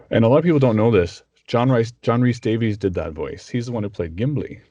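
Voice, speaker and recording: A man, a voice actor, chatting in an interview and animated, often breaking into impressions. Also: medium pitch, brisk, no room sound, dull audio. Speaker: voice actor guest. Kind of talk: casual interview chat.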